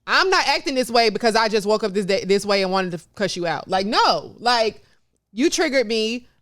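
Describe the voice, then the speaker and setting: A woman's voice: fairly high pitch, animated, normal speed, a bit bright. A woman co-hosting a podcast in casual chat, blunt and outspoken, swearing freely. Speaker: podcast co-host.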